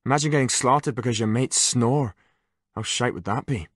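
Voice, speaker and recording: A man voicing a crude, wry male army corporal with a soft Irish accent in an audiobook. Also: mid-range voice, a little fast, no echo, studio quality, lightly acted. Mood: wry grumbling. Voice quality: soft-spoken.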